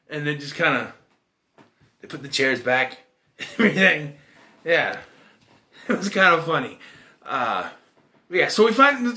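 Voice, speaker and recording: A man's voice: sits high, sharp tone. A man casually recapping a wrestling event, rambling and chuckling as he tells it. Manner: rambling, chuckling, loose slangy storytelling. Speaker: wrestling vlogger.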